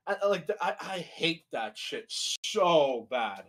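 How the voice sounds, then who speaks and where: A man's voice: fairly high pitch, big pitch swings, slow pace, a crowd in the background. A young man riffing casually as a co-host, rambling and profane, full of filler words. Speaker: co-host reacting to a video. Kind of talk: casual reaction commentary.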